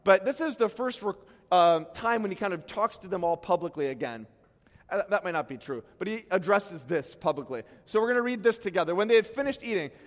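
Middle-aged male pastor, animated sermon delivery, high voice, echoing hall. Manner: animated, acts out quotes with sudden loud bursts, self-deprecating asides. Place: church stage. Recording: long hall reverb.

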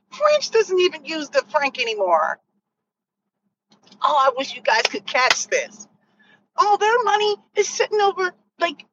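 A woman hosts a casual livestream in a bright, forceful voice, rambling from point to point and catching her own slips as she goes. Her pitch jumps up high whenever she gets worked up. The audio is a little dull and muffled, with a faint hiss behind it. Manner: animated, rambling, corrects herself mid-thought. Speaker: host.

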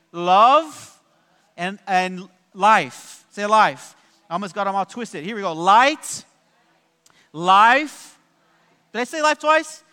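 A pastor preaching a lively sermon to his congregation, joking and adding many asides. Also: high-pitched. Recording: long church hall reverb.

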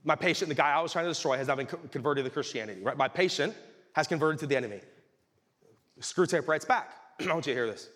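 A male pastor preaching a sermon with animated delivery that rises to shouts. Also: on the high side, fast talker. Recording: reverberant hall.

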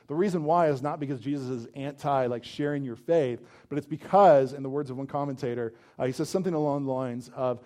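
A man's voice: medium pitch, quick pace, few pauses. A man preaching a sermon as pastor, in a conversational way, often saying "like" and stressing points with energy. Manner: conversational, peppered with "like", animated emphasis.

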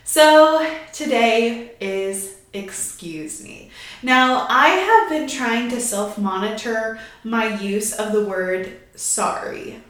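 A woman's voice: on the high side, slow, fairly bright tone, very echoey. A young woman hosting her lifestyle podcast in a chatty, bubbly way, a little out of breath and laughing often. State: a bit out of breath. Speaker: podcast host. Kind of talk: casual podcast chat.

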